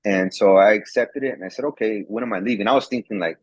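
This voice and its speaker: Husky low-voiced man telling a story. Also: fast talker, no echo. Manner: rambling, repeats words, acts out quoted dialogue. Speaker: guest, former National Guard soldier. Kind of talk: casual storytelling. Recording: dull lo-fi sound.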